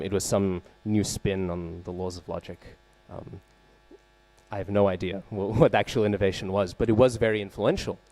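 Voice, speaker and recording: Male temple class speaker, fairly low voice with a warm, soft tone; casual storytelling lecture that keeps checking in with listeners. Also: no room sound. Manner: conversational, frequent "right?" check-ins and fillers; openly searches for names and terms. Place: temple hall.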